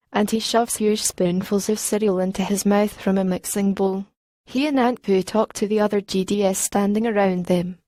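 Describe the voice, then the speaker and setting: Woman audiobook narrator, warm mellow tone, dry close studio sound, streetwise teen voice. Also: medium pitch, dry recording. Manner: streetwise teen voice, slangy and rhythmic. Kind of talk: first-person audiobook narration.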